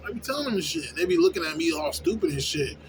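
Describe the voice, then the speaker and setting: A young man who works at a fast-food place, venting in a casual, profane, rambling way and often asking "you know what I'm saying?". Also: very high-pitched, wildly swooping pitch. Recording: noisy background with vehicle sounds.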